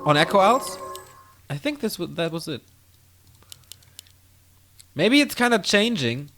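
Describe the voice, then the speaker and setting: A man casting a strategy game on his own, calling the action in quick play-by-play and rambling casually to viewers between games. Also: high-pitched, soft background music. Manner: excitable play-by-play, drifting into loose rambling asides between games. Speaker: esports caster. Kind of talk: solo game commentary with casual chat.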